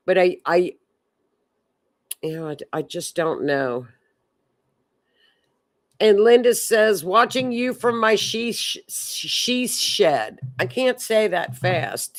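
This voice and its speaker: A woman hosting a live stream, chatting in a rambling way and reading viewer comments aloud. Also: mid-range voice. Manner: chatty, rambling, repeats words. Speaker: livestream host.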